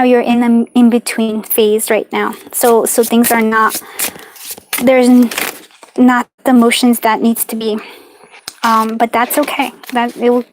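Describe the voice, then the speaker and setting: A woman with a slightly high voice leads a live-stream card reading. She talks in a warm, chatty and reassuring way, full of fillers and small laughs. Now and then she drifts away from her device mic. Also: a little hiss or hum. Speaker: tarot and charm reader.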